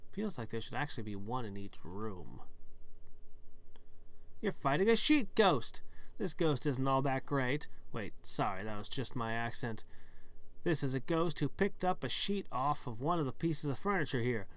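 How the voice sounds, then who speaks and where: A man's voice: mid-range voice, a bit bright. A man casually playing a game on stream, reading the game text aloud and adding wry asides. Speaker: let's player. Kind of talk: casual gameplay commentary.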